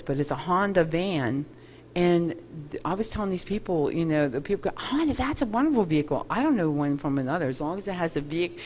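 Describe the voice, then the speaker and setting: A middle-aged woman shares a faith testimony with a congregation, her voice sitting a little low. She tells it as an animated story and plays out every exchange. A faint background hiss runs under the recording. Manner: animated storyteller, acts out quoted dialogue. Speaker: ministry worker giving testimony.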